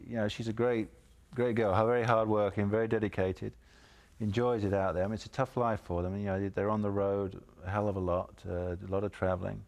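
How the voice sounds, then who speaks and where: A man appearing as a guest on a call-in golf show, chatting casually and telling lively anecdotes. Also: fairly low pitch, brisk, creaky. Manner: animated storyteller, chuckles through anecdotes. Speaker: guest golfer. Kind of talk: casual chat.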